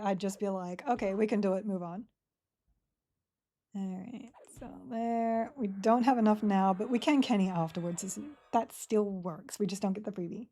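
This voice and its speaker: A woman from Sydney in her forties talks through a live game stream in an Australian accent worn down by decades in America. Her voice is warm and mellow, sitting at an ordinary middle pitch. She keeps the talk easygoing and chatty, answering her audience between plays with a slightly dry throat. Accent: Australian, partly Americanized. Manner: chatty and laid-back, laughs often, answers chat between game moves. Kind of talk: casual live-stream commentary while playing.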